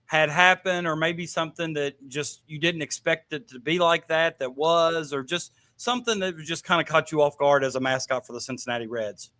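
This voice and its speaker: A man's voice: on the high side, normal speed, few pauses, sharp tone, dry recording. A man hosting a podcast, asking rambling, hesitant questions in a casual interview. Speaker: podcast host.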